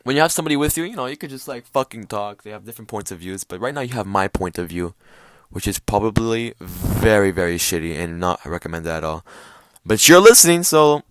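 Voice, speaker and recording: A man's voice: lowish voice, fast, dry recording. A young man hosting a solo podcast, rambling and swearing as he acts out little quoted voices. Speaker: podcast host. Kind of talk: casual solo podcast rant.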